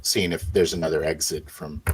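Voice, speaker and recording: A man at a tabletop game, describing what his character does in a slow, hesitant way with many fillers. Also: a bass voice, steady tone, slightly rough. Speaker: player.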